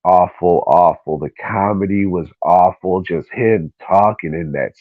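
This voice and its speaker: A man's voice: deep voice, a little slow, no echo. A man co-hosting a podcast who talks in casual chat, ranting bluntly and swearing freely. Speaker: podcast co-host. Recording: dull lo-fi recording.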